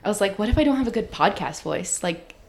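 Woman, 20s, podcast guest, easygoing and giggly, middle-pitched voice. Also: animated, quick pace, gravelly, a little mellow. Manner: giggly, easygoing, uses filler words. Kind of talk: casual podcast chat.

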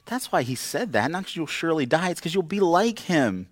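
A man's voice: fairly high pitch, big pitch swings, fairly quick, few pauses, no echo, studio quality. A man preaching a conversational sermon, acting out quoted voices with wry humor. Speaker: pastor. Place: church.

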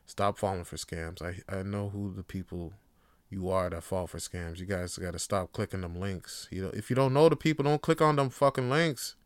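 A man hosting his own podcast in a casual, rambling monologue, cursing and joking and often breaking into loud hyped bursts. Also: low-pitched, moderate pace, no echo. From Canada. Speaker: podcast host.

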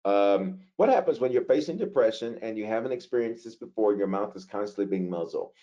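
Lower-voiced pastor answering prayer questions. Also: male voice, a little fast, highs cut off. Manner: conversational, animated preaching with rhetorical questions.

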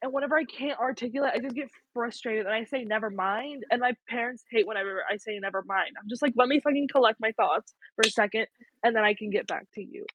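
A woman's voice: a little high, quick pace, breathy edge, no room sound. A young woman co-hosting a casual podcast chat, talking candidly with lots of "like" and the odd swear word. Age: young adult. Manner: candid, swears freely, full of "like". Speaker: podcast co-host. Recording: dry, dull lo-fi sound.

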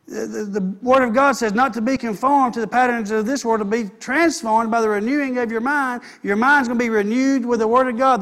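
A man's voice: very high voice, a bit bright. A man preaching a sermon as pastor, earnest and repeating phrases for emphasis.

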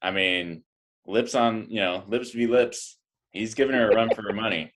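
A man's voice: lowish voice, normal speed, noisy background. A man co-hosting a casual reality TV recap podcast, easygoing and hesitant, with many "uh" fillers. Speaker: podcast co-host.

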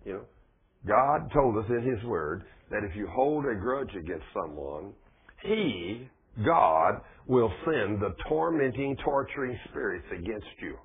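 Male preacher, husky and homespun, tinny lo-fi audio. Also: lowish voice, very animated, measured pace. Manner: folksy, conversational preaching with plain speech and rising emphasis. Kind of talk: sermon. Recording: phone-like, thin lo-fi recording.

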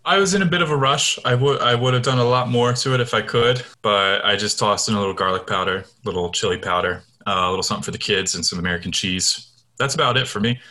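Low, bright-voiced laid-back man. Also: quick pace. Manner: laid-back, dry jokes, casual swearing. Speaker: podcast co-host. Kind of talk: casual chat.

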